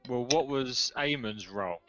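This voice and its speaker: A blunt, sweary man at a tabletop game, with a bright, forceful voice. The audio is dull and lo-fi, with faint music behind it. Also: medium pitch, normal speed. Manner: blunt, sweary, laughs often. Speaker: player. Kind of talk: casual tabletop play. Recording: dull lo-fi recording.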